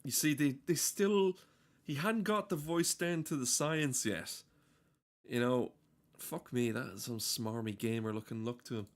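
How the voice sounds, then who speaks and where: A man's voice: mid-range voice, measured pace. A man giving casual, profane, rambling and cynical commentary while playing a game. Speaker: game streamer.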